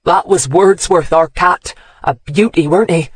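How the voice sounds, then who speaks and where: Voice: mid-range voice, unhurried, breathy edge, no echo. An audiobook narrator voicing a grumpy old countryman with a rural English accent, aggrieved and blunt. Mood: gruff, aggrieved. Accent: English West Country rural. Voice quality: rural dialect, sneering then cracking. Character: grumpy old countryman grieving his cat.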